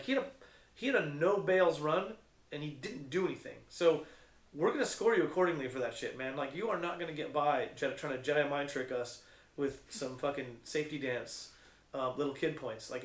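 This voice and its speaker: A man's voice: on the high side, roomy sound. A middle-aged man telling stories in a casual, profane, slangy way, as a skate contest judge. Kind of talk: casual storytelling.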